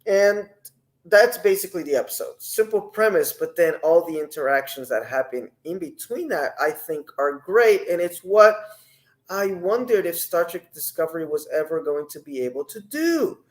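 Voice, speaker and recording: A man giving a casual, rambling spoken review of a TV episode, animated, with many fillers and restarts. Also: fairly high pitch, moderate pace, rough recording.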